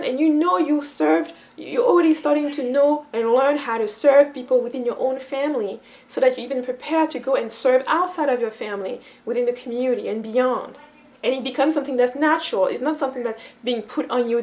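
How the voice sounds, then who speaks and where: High-voiced woman explaining with lively restarts. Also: a little fast. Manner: acts out quoted voices with lively shifts; repeats and restarts phrases while thinking aloud. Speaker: cultural teacher. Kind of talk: casual explanatory monologue.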